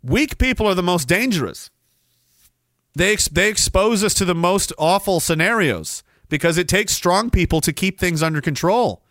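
A Canadian man hosts a solo podcast rant, his high, sharp voice full of anger and sarcasm. He mocks the people he argues against in quick put-on asides. The sound is dry and close, with no room around it. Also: animated, no room sound. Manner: angry, sarcastic, mocking imitations. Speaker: podcast host. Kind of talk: ranting solo commentary.

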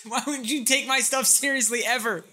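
A podcast co-host in casual chat, excitable and rambling, laughing often. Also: mid-range voice, a little fast.

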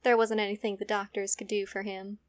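A woman's voice: medium pitch, little pitch movement, a little fast, no room sound. A woman playing a character in a tabletop game, in a breezy, evasive way. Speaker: player.

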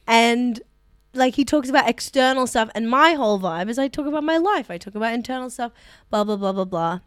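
Animated, higher-voiced woman comedian. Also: fairly quick, clean tone, no room sound, studio quality. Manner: animated storyteller, laughs often. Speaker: comedian and co-host. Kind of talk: casual podcast chat.

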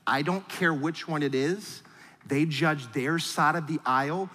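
High, bright-voiced male preacher in a big hall. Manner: animated, acts out angry voices, then drops low and soft for serious points. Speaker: pastor. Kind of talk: sermon.

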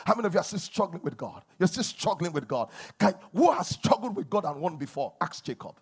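A man preaching a sermon as a pastor, swinging between loud emphasis and quiet asides. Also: high-pitched, animated, brisk, few pauses, husky.

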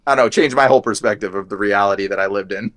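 A man's voice: fairly low pitch, racing, a bit bright, no echo. A young man telling his story as a guest in a casual chat, rambling and filling his talk with "like". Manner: rambling, heavy use of "like".

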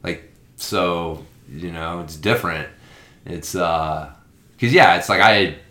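A man's voice: sits low, slow pace, bright, forceful tone. A man, a father, chatting casually and swearing freely, acting out quoted exchanges. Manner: profane, acts out quoted exchanges. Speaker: father of young kids. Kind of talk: casual chat. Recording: roomy echo.

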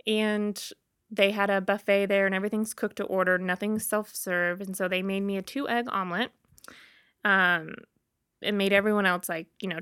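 A woman who works in travel, telling a personal story in a chatty, animated way with plenty of fillers. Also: medium pitch, creaky, no echo, studio quality. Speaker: travel advisor.

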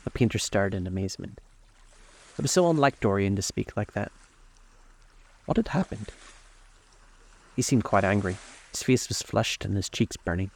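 A man reading a classic novel aloud as a storyteller, steady and unhurried. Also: fairly low pitch, vocal fry.

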